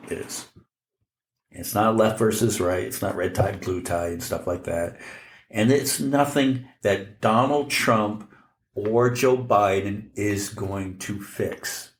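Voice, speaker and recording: A man co-hosting a casual podcast, low-voiced and blunt, swearing freely and stumbling over repeated words. His voice carries a roomy echo. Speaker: podcast co-host. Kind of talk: casual chat.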